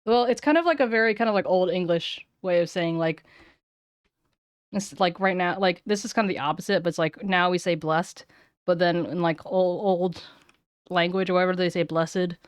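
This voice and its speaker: A woman's voice: fairly low pitch, brisk, clean tone, no echo, studio quality. A woman streamer in casual chat who rambles and gropes for words, with many likes and ums.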